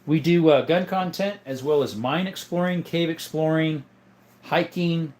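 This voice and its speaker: A man's voice: a little high, unhurried, darkish tone, slight background noise. A man hosting a casual livestream, chatting loosely, joking and reading chat messages aloud. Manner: rambling, jokey, reads chat aloud. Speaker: livestream host.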